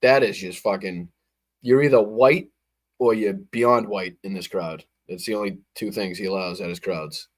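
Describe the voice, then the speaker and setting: A man's voice: sits low, moderate pace. A man hosting a show, giving sarcastic, profane commentary over a political speech. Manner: sarcastic, swearing, laughing outbursts. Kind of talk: profane live reaction commentary.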